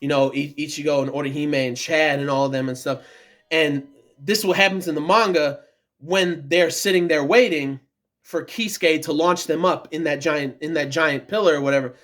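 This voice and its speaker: A man reviewing an anime episode in a casual, rambling, excited monologue. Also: on the high side, normal speed. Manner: rambling, many fillers and restarts, excited. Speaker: anime reaction vlogger.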